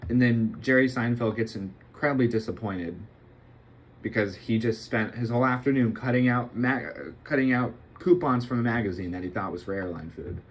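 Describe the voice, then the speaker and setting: Late at night, a young man plays a puzzle game on stream, joking, wandering off topic, and poking fun at himself. He speaks in a mid-range voice at a moderate pace.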